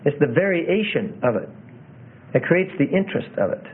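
A man teaching preachers how to deliver a sermon, in a loose conversational way, often doubling back on his words. His voice sits a bit high for a man. The sound is thin and narrow, like it is coming through a phone. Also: big pitch swings, moderate pace. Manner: conversational, repeats phrases, self-corrects. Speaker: preaching instructor. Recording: tinny phone-like audio.

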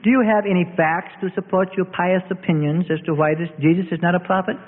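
A man reading aloud, voicing a calm male councilman who questions with measured, pointed stress. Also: high voice, pitched above the performer's own voice. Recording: tinny, reverberant phone-like audio.

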